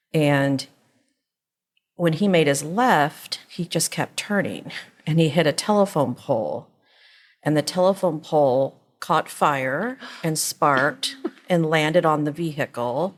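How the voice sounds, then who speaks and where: A middle-aged woman with a notably low, deep voice, telling a long story on a podcast. She rambles and animates the retelling, chatting casually with her co-host. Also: lively intonation, a little slow.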